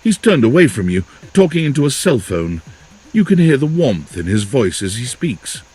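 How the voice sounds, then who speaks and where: A man's voice: mid-range voice, very animated, moderate pace, darkish tone, breathy edge. A man narrating a video game's story in the second person. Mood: calm. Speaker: game narrator. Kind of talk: scripted narration.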